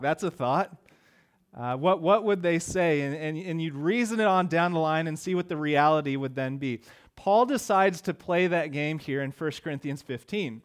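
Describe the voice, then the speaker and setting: A middle-aged man preaching a sermon in a conversational way, often repeating words as he starts phrases. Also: on the high side. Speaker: pastor.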